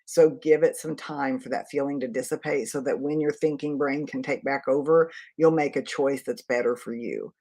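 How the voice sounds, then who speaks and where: A woman's voice: rumbling low, steady tone, normal speed, few pauses, warm tone. A middle-aged woman and leadership coach giving a live teaching talk, earnest, practical and conversational.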